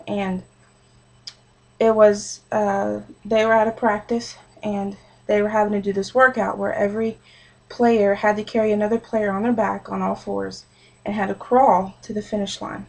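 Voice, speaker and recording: Earnest young woman with a gravelly voice. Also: mid-range voice, flat delivery, moderate pace, a little mellow, rough recording. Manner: earnest, conversational with frequent fillers. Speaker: speaker giving a short sermon. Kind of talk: personal story sermon.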